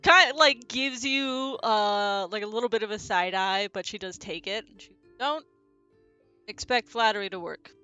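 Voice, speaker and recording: A woman's voice: medium pitch, moderate pace, few pauses, sharp tone, clear, resonant tone, dull audio, soft background music. A woman acting as game master, describing scenes loosely and with many fillers. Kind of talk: narrating a tabletop game.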